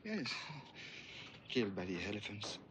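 An actor playing an easygoing French man with a French accent, who speaks broken English haltingly and searches for words. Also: fairly low pitch, very animated. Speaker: Frenchman staying as a guest in a New York apartment. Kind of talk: 1990 film romantic comedy acting. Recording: film soundtrack with background noise.

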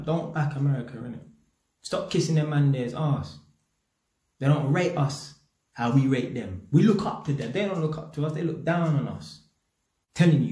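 A man's voice: fairly high pitch, darkish tone. London man, blunt commentary, street slang, swearing, echoey room. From England. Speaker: YouTube commentator. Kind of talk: casual opinion rant.

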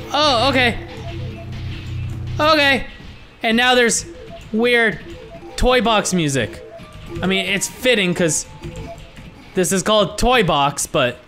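A young man giving let's-play commentary on a horror game, excitable and swearing a lot, yelling when startled. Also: high voice. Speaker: gaming YouTuber.

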